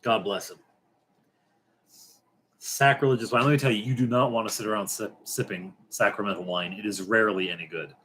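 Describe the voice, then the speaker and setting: A middle-aged man hosting a casual late-night livestream, rambling and halting with many fillers and restarts, dropping wry, joking asides. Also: lowish voice, steady tone, a bit bright, slight background noise. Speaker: livestream host.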